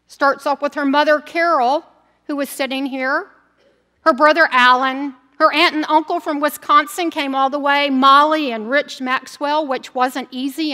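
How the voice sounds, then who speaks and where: A woman preaching at an ordination service, telling a light story and then speaking to the congregation. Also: high-pitched. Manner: warm storytelling with a gentle joke. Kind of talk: ordination sermon. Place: church sanctuary. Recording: church sanctuary with long reverb.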